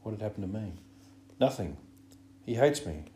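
An anxious, fussy schoolboy pleads and frets, as a man with a deep, dark voice pushes it higher. He sounds earnest and wise beyond his years. The audiobook has a roomy echo. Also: lively intonation, normal speed, a little hiss or hum, lightly acted.

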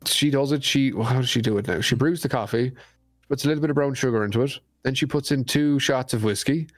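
A man's voice: medium pitch, fast talker, dry recording. An Irish man chats loosely as a guest and restarts his sentences as he goes. His voice sits in a middle range. The sound is dry and close, with no room around it. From Ireland. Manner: rambling, self-correcting storyteller. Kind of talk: casual chat.

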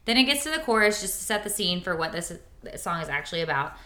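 A woman in her thirties co-hosts a casual podcast, chatting and telling stories. Her voice sits a little low but sounds bright and forward. The room around her is echoey. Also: very animated, fast. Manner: chatty, storytelling, reads lyrics aloud. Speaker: podcast co-host. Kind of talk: casual chat about songs.

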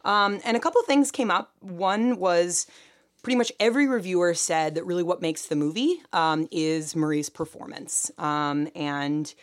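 A woman's voice: lowish voice, normal speed. A woman co-hosting a casual chat, reporting on film reviews with many fillers. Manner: reads quotes aloud, many fillers. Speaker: podcast co-host.

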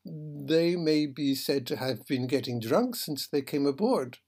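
Man voicing a blunt naval lieutenant, dry, husky, storybook reading. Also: fairly high pitch, lively intonation, measured pace, a little mellow. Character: blunt practical male first lieutenant.

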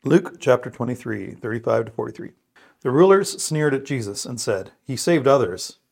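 A man's voice: medium pitch, lively intonation, gravelly, a little mellow, a little hiss or hum. A man praying, reading scripture aloud and reflecting in an earnest, thoughtful way. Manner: earnest, thoughtful, with pauses and restarts. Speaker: co-host of a scripture podcast.

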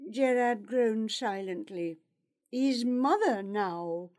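A woman narrating an audiobook chapter in a measured storytelling manner. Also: on the high side, very animated, warm tone, breathy edge.

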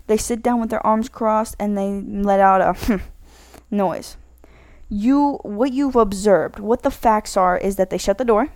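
This woman speaks at a medium pitch with a darkish, smooth tone, and the recording has no room sound. She gives casual spoken advice in a rambling way, often correcting herself and packing her talk with "like."

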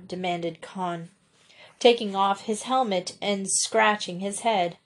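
A woman reading a children's adventure book aloud as narrator, steady and expressive. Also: mid-range voice, slow. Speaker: audiobook narrator. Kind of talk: storybook narration.

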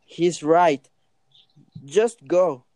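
A mournful old male ghost in a homemade radio drama, voiced plainly by a man. His voice is mellow and low-key, recorded dry and close. He speaks in a sad, nervous way. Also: drawn-out words, dry recording. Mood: sorrowful. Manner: sad, nervous reading of a scripted part. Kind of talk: amateur radio drama reading.

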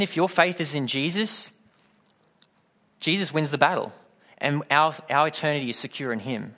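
A man's voice: a little high, vocal fry, fairly bright tone. A man preaching a sermon, telling a personal story and acting out the voices in it. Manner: storytelling, acts out quoted voices. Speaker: pastor.

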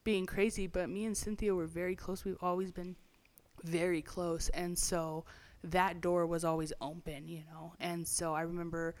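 A young woman with a slightly low voice tells her life story as an interview guest. She talks casually, leaning on "like" and "you know", and slips into quick impressions of people from her past. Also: level tone. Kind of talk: personal testimony storytelling.

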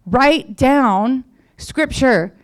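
A woman's voice: high voice, extremely slow. A woman pastor giving a sermon in a conversational way, repeating key phrases for emphasis.

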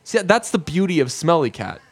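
A man voicing a quirky, gentle woman who patiently corrects a student's singing in a sing-song way. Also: on the high side, big pitch swings, moderate pace, dry recording, pitched above the performer's own voice.

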